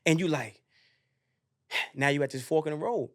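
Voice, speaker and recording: A young man talking in a casual podcast chat, his voice sitting a little high for a man. He swears freely and tells a winding motivational story, jumping into the voices of the people in it. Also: unhurried, dry recording, studio quality. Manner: profane, animated, acts out voices in his stories.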